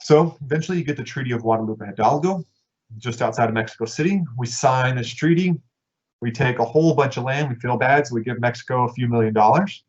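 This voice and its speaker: A man giving a casual history lecture, talking conversationally and voicing people's thoughts in quick asides. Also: mid-range voice. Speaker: history teacher. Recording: dull lo-fi recording.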